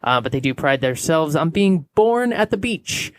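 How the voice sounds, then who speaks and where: A man's voice: on the high side, big pitch swings, normal speed, no echo. A man co-hosting a podcast, chatting casually and jokingly with many fillers. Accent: American. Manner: jokey, hesitant with many fillers. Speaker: podcast co-host. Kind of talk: casual chat.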